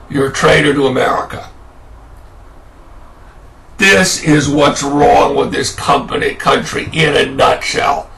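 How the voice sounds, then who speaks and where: A man's voice: fairly high pitch, vocal fry, a bit bright, recorded from a distance, low-quality recording. A man delivering an angry, sarcastic political rant as a commentator. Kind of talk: ranting political monologue.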